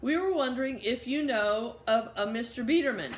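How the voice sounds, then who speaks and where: A woman's voice: a little high, animated, normal speed, a little hiss or hum, lightly acted. Woman doing a polite, persistent young girl. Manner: polite, insistent. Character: earnest older sister, polite and persistent girl. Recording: roomy echo.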